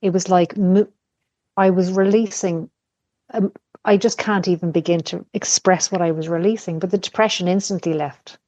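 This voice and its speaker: A woman's voice: on the low side, steady tone, normal speed, warm tone, dry recording. A middle-aged woman, a podcast guest, talking candidly in casual conversation, telling personal stories and swearing freely. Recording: dull lo-fi podcast audio.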